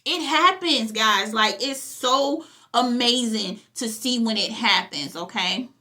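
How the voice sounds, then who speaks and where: A woman's voice: fairly high pitch, takes it slowly, bright, forceful tone. A woman hosting a vlog, giving casual spiritual advice in a chatty way, repeating herself and often checking in with her viewers. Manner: familiar, addresses viewers as "honey" and "y'all". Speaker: vlog host.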